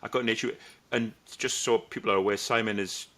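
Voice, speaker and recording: A man's voice: lowish voice, steady tone, quick pace, pushed and bright. A middle-aged man co-hosting a podcast, earnest and hesitant as he talks openly about himself. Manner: earnest, hesitant, self-questioning. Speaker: podcast co-host. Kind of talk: casual chat.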